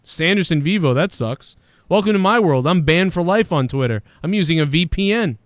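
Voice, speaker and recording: A show host reads viewer donations during a casual livestream rant, hurling profane, combative, sarcastic insults at a critic. His voice is fairly high, animated and fairly quick, with no echo.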